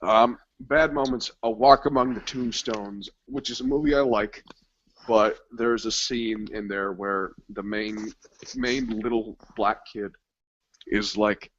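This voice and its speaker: Man, casual movie chat, crude jokes, acts out scenes, lowish voice, dull recording. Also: steady tone, slow pace, a bit bright, slight background noise. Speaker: co-host.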